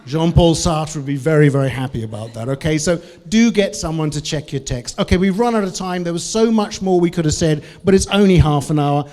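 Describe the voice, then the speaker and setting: Animated male conference speaker. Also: fairly high pitch, fairly quick, hardly any pauses. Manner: animated, varies tone and tempo. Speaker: conference speaker on English for Russians. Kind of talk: lively conference talk.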